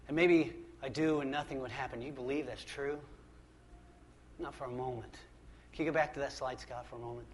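A man's voice: mid-range voice, moderate pace, long pauses, a little hiss or hum. A man pastor preaching a sermon in a church, conversational and emphatic, often restarting and repeating phrases.

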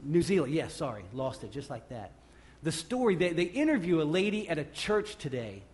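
A male pastor preaching a sermon off the cuff, swinging from loud emphatic bursts to quiet low passages and often restarting his phrases. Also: very animated, normal speed. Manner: repeats and restarts phrases while speaking off the cuff.

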